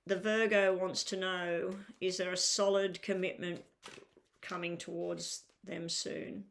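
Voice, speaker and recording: Her voice is low, flat, and slow with vocal fry, and she sounds tired and crackly as she gives a tarot reading on a live stream. Chatty and full of fillers, she talks to viewers in the chat and asks them to clarify what they're asking.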